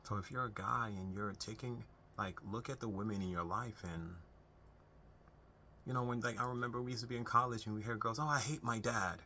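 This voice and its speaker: A young man talks earnestly to camera as a self-help host, offering unscripted advice on family relationships in a conversational way and frequently restarting. His lowish voice is fairly quick, pushed and bright, with slight background noise.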